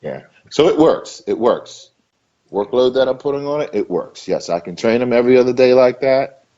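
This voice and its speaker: A man's voice: medium pitch, expressive, normal speed, warm tone, highs cut off. A man being interviewed, talking casually and emphatically, repeating himself for stress in a loose, conversational way. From Maryland. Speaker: interview guest, bodybuilder.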